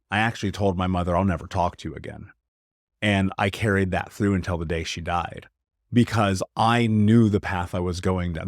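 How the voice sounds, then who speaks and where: A man in his thirties, appearing as a podcast guest, recounts a difficult personal story earnestly and emphatically, peppering it with "like." His voice sits on the low side, and the studio-quality recording is dry.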